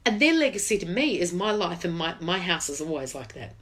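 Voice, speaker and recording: A woman's voice: fairly low pitch, animated, fast talker, hardly any pauses. A middle-aged woman hosting a live video, talking in a chatty, heartfelt, exclamatory way. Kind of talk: casual live-stream chat.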